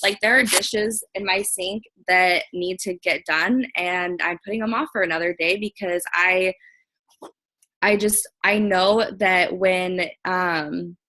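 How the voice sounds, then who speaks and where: Young woman, bright clear tone, earnest casual chat, lots of "like" and "um", video call. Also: lowish voice, steady tone, slow, low-quality recording. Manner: chatty, filler-heavy, earnest. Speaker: team leader on a group video call.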